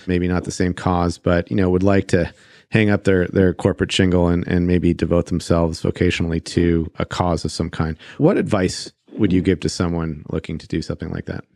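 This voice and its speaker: A man's voice: low voice, fairly even intonation, brisk, gravelly, a little mellow, no echo, studio quality. A man hosting an interview, asking long questions with hesitant repeated words. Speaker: podcast host.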